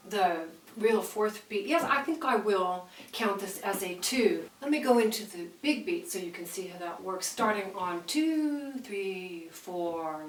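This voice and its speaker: A woman's voice: medium pitch, normal speed, few pauses. A woman teaching piano, counting beats aloud as she plays and explaining the music with enthusiasm. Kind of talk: piano lesson demonstration. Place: room with a piano. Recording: roomy, mic at a distance, piano playing.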